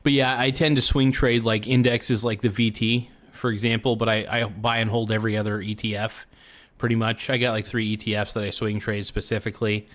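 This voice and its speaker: A young man hosts a casual livestream, his fairly low voice brisk and a bit bright with little pitch movement. He chats in a rambling, laid-back, joking way, full of fillers.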